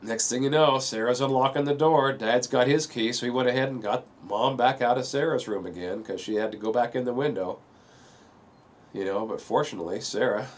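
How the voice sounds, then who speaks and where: A middle-aged man telling a painful personal story in a rambling way, often saying "you know" and straining not to break down. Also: medium pitch. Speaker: video speaker sharing a personal story. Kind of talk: emotional personal monologue.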